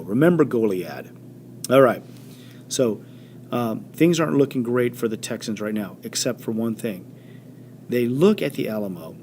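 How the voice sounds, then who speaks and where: A man teaching a history lesson in an animated storytelling way, with many fillers and quick voiced quotes. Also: mid-range voice, slight background noise. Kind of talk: classroom history lecture.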